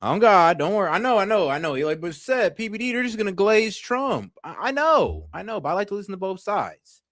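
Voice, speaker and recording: A man's voice: high voice, big pitch swings, a little fast, a bit bright, dry recording, clean studio sound. A man hosting a reaction stream, talking casually in slang with laughing asides and repeated phrases.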